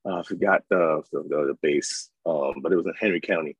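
Animated guy in his 30s, low husky voice, dry sound, does voices in his stories. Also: brisk, no echo, lo-fi sound. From New York. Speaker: interview guest. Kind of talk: casual storytelling.

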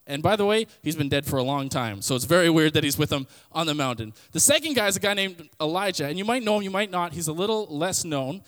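A man with a notably high voice hosts a relaxed Bible teaching podcast. He tells stories and retells scripture in loose everyday slang, and his voice trails off into a long reverb tail. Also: fast, hardly any pauses. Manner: conversational, storytelling, paraphrases scripture in everyday slang.

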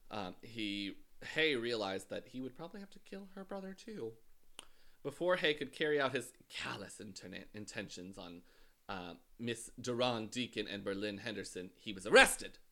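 A man casually telling a true-crime story as a podcast host, halting often with filler sounds. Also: lowish voice, expressive, pushed and bright.

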